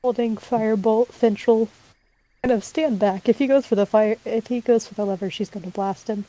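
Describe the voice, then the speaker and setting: A woman player in a tabletop game speaks firmly and steadily. Her voice sits a little high but has a soft, mellow tone. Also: steady tone, normal speed, low-quality recording.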